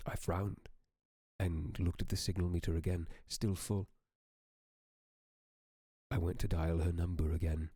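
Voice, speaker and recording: A man with a very deep, gravelly voice reads a horror story aloud in slow, steady storytelling. His tone is dark and warm, and the sound is close and dry. He reads as a streamer for his audience. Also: no echo.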